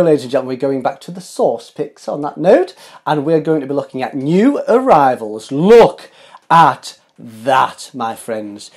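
Guy hosting a fashion show, husky voice, swoops up and down a lot, gushing and sing-songy. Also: medium pitch, a little mellow. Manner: gushing, sing-song, playful. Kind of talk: enthusiastic fashion commentary.

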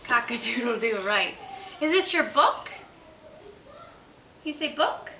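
High sing-song mother coaxing a toddler. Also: sing-song, takes it slowly, pushed and bright. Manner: coaxing, repeated questions. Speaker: parent reading to a toddler. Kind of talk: sing-song baby talk. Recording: roomy home video from a distance, background noise.

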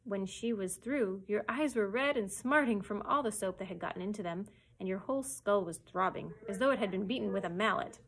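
A woman, a children's librarian, reading a chapter book aloud for story time with steady, expressive storytelling. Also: mid-range voice, a little fast, rough recording.

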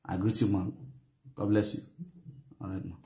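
A man's voice: low-pitched, flat delivery, normal speed, mellow. Chatty Nigerian man, echoey room. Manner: chatty, keeps asking "you understand?", laughs often. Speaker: YouTube host. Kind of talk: casual live commentary.

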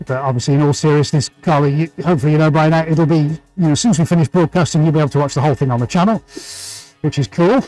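This painting host chats with his live-stream audience as he works, calling out viewers' greetings by name and laughing readily. He talks in rapid bursts with a slightly high voice, over gentle music, and the recording is rough.

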